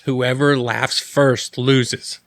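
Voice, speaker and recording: Man, podcast host, casual chat, laughing, mid pitch, dry studio sound. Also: flat delivery, very slow, a bit bright, no echo. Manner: laughs often, jokes about friends. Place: studio with mics and headsets.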